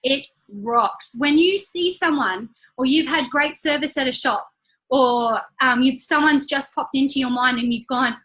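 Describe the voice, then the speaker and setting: Young woman, upbeat team leader giving a motivational training talk, high-pitched and chatty. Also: unhurried, rough recording. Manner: chatty, upbeat, acts out quotes in lively voices. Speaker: network marketing team leader. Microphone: call recording.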